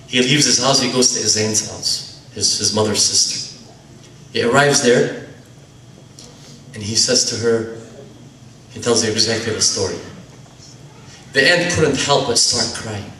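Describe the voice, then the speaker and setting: A man giving a religious lecture, telling a family story with dramatic pauses, slowing and dropping his voice at grave moments. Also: mid-range voice, bright, forceful tone, a little hiss or hum. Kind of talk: sermon storytelling. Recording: echoey hall recorded from far off.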